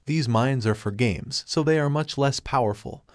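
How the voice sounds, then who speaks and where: A man's voice: medium pitch, normal speed, dry recording, close to an everyday voice. A showman announcer teacher lays out the rules of a contest, as a male reader voices him. The voice sits in a middle register with a dry, close sound. He talks like an emcee addressing a crowd, in a storybook telling. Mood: announcing.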